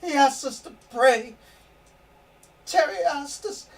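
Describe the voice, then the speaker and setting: Man playing a distraught village mother, high pleading voice, loud, far-off mic, noisy room. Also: slow, heavily acted. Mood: frantic pleading. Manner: pleading, near tears. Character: frantic grieving village mother. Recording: distant mic, noisy background.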